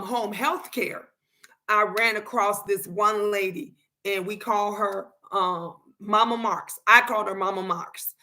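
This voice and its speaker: A middle-aged woman hosting a tarot live stream, chatting casually and answering viewers' comments in a lively way. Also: medium pitch.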